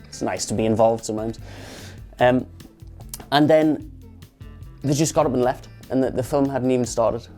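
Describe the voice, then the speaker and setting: Deadpan man, mellow voice. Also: medium pitch, normal speed, long pauses, soft background music. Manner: deadpan, dry understatement. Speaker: film pundit. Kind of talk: comic anecdote to camera.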